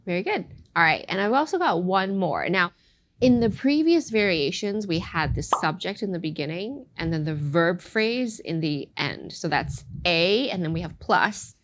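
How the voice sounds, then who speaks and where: A woman teaching Mandarin tones in a podcast lesson, playful and quick to laugh, saying phrases slowly for practice. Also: lowish voice, animated.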